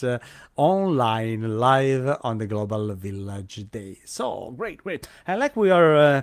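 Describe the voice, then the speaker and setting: Hosting a live online event via video call, a man speaks English haltingly, full of fillers and restarts. His medium-pitched voice is darkish and smooth, captured with studio quality and no echo.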